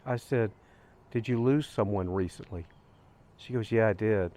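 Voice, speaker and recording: A man's voice: lowish voice, normal speed, warm tone. A middle-aged man from the United States hosting a grief channel, telling a personal story in an earnest, repetitive way and retelling his side of a conversation. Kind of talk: reflective storytelling monologue.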